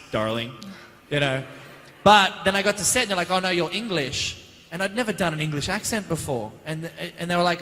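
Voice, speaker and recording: A man, answering fan questions as a guest actor on a convention panel, chatty and animated, recorded on a handheld mic in a large hall. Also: on the high side, a little hiss or hum. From Australia. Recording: reverberant hall.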